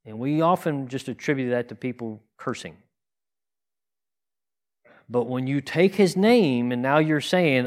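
An earnest man teaching scripture to his congregation in a conversational sermon. His voice sits at an ordinary middle pitch, and he talks plainly, often restarting a sentence or asking a rhetorical question. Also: moderate pace.

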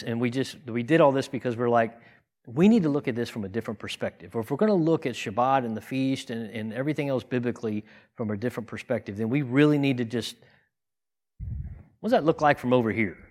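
Earnest man teaching scripture. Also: medium pitch. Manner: earnest, plain-spoken, with rhetorical questions and frequent restarts. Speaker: teacher in a congregation. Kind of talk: conversational sermon teaching.

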